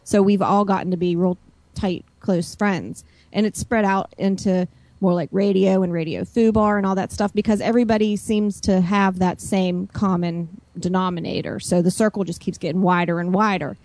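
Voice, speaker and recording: A woman's voice: medium pitch, steady tone, moderate pace, a little mellow, no room sound. A woman calling in over a video call line, chatting casually and explaining at length. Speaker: caller guest. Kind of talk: casual chat. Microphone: computer call mic.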